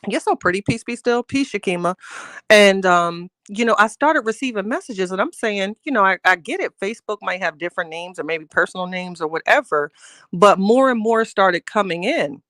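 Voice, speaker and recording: A woman's voice: medium pitch, lively intonation, moderate pace, fairly bright tone, no room sound. A chatty middle-aged woman, hosting a casual live stream and greeting viewers with pet names. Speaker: livestream host greeting chat.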